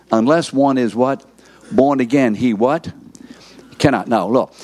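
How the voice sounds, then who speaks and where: A middle-aged man preaching, teaching in a deliberate way and prompting the audience to fill in words. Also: mid-range voice, a little mellow. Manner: slow, deliberate emphasis. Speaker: pastor teaching a course session. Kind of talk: sermon.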